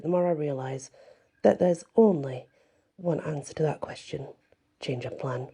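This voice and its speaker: Breathy low-voiced woman reading a story. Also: dark tone. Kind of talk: soft ASMR story narration.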